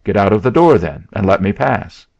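A man voicing a rough, cornered hill man who is angry and loud, in a story reading. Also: lowish voice, lively intonation, normal speed, no echo. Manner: loud and hot-tempered. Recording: dull lo-fi sound.

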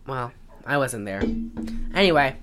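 A woman's voice: extremely low pitch, animated, measured pace, over music. A woman hosting a podcast, recapping a film in casual chat and rambling with many fillers. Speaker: podcast host.

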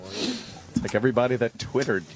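A man's voice: medium pitch, brisk, very noisy. A male guest in casual talk, mumbling and self-deprecating.

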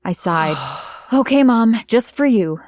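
A woman narrates a dramatic first-person story with plenty of expression. Her voice sits at an ordinary middle pitch. Quiet music plays underneath. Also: lively intonation, moderate pace. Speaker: narrator voicing a teenage girl.

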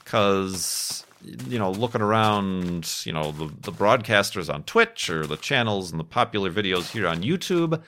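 Thirty-something guy rambling over his game, kinda low voice, laughs at himself a lot, faint hiss behind. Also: animated, moderate pace, hardly any pauses, sharp tone. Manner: rambling, self-deprecating, laughs often. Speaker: gaming YouTuber. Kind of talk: casual chat over gameplay.

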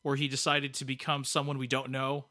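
A man's voice: medium pitch, monotone, fairly quick, bright, forceful tone. A man co-hosting a podcast, chatty and teasing, with many restarts. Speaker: podcast co-host. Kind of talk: podcast talk.

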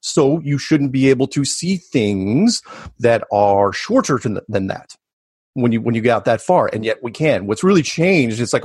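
A man being interviewed as a guest, talking casually in a rambling, animated way with many restarts and asides. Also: mid-range voice, moderate pace, husky, dry recording, clean studio sound. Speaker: podcast guest.

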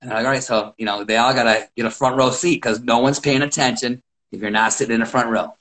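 A wrestling coach, a man, telling animated stories about his practices in a casual chat, acting out quotes and often restarting sentences. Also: medium pitch, fast, rough recording. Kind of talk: casual podcast storytelling.

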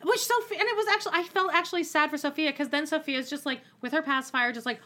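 A young woman co-hosting a casual recap chat. Her voice is high and bright with a sharp edge. She is blunt and sarcastic and swears freely. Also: fast. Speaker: podcast co-host.

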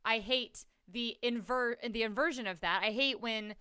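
A woman co-hosting a casual movie-review podcast, animated and laughing often, swearing casually. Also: fairly high pitch, normal speed, clear, resonant tone. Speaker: podcast co-host.

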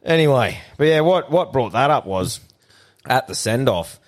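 Laid-back, swearing Australian bloke. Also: male voice, mid-range voice, lively intonation, moderate pace. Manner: laid-back, swears a lot, laughs often. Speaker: podcast co-host. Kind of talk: casual chat.

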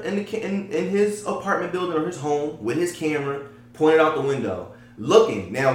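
A man in casual debate chat, talking in an animated, conversational way and often checking in with his listener. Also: on the high side. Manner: animated, conversational, often asks "you get what I'm saying?". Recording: very echoey room.

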